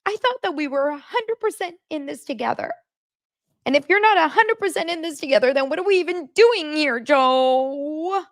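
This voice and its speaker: A woman's voice: high voice, animated, normal speed, no echo, clean studio sound, pitched above the performer's own voice. A woman imitating an upset young woman from a reality show, squealing and pleading as she repeats one name.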